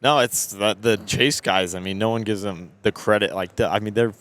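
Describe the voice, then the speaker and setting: A man's voice: fairly low pitch, fairly even intonation, moderate pace, fairly bright tone. A man who is an off-road racer, speaking earnestly as a guest in a casual podcast interview at a trade show and restarting his sentences often.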